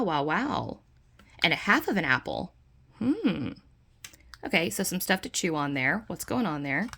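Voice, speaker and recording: A woman's voice: fairly low pitch, gravelly, fairly bright tone. A woman chatting her way through a tarot deck, enthusiastic and full of fillers. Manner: puts on playful dog voices in quotes. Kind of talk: casual deck flip-through.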